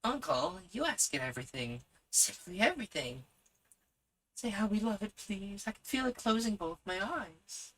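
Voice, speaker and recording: Eager young children gasping with wonder, played by a man reading aloud, breathless and excited. The voice is pushed up high and kept light for a storybook. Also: normal speed, hardly any pauses, slight background noise, exaggerated voice, rough recording. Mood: pleading.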